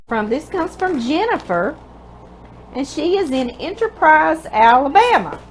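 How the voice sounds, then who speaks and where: Slow-talking Southern woman from Louisiana. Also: sits high, a bit bright, slight background noise, rough recording. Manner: tender, emotional, laughs often, calls listeners girl. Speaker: cooking show host. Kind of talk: reading viewer mail aloud, chatty. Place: home kitchen.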